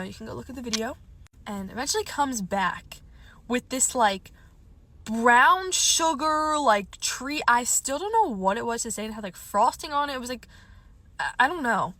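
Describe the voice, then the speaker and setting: Animated young woman telling a story. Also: on the high side, a little hiss or hum. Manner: animated, swearing, lots of "like". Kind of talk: casual storytime.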